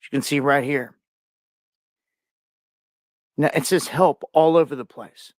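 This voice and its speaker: Man, screen-share commentary, conspiratorial, somewhat high voice, dry. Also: slow, no echo. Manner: conspiratorial, pointing things out.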